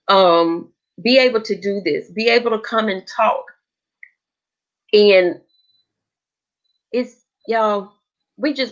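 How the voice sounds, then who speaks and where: A woman hosts a casual live stream in a caring, emphatic voice, reading viewers' comments aloud and reassuring them. Her voice sits at a medium pitch. The audio is slightly dull and lo-fi.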